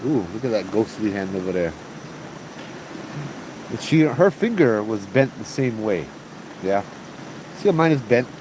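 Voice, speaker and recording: A man's voice: fairly low pitch, measured pace, long pauses. A man from Hawaii with a Hawaiian Pidgin accent, telling ghost stories in a chatty, slangy way to a group outdoors at camp. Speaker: ghost storyteller. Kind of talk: casual ghost storytelling to a group. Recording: steady background noise hum.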